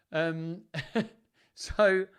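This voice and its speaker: A man's voice: sits high, sharp tone, clear, resonant tone. A man hosting a live storytime, reading aloud and chatting playfully to viewers between passages. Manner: playful, chatty, self-mocking asides.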